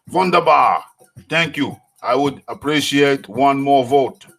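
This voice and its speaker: A man's voice: mid-range voice, takes it slowly, fairly bright tone, faint music behind. A man putting on a German accent to play a jolly, hammy German man pleading for votes. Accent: put-on German.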